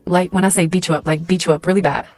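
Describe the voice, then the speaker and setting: Lower-voiced woman rambling through a story. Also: fairly even intonation, rapid-fire, darkish tone, dry recording, faint music behind. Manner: rambling, heavy use of "like" and "and stuff like that". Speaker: storyteller in a social media clip. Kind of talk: casual second-person storytelling.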